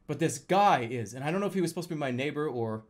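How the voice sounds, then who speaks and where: Animated young man telling dream stories. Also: on the high side, fast. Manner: animated storytelling, acts out quotes with profanity. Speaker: streamer. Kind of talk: casual chat.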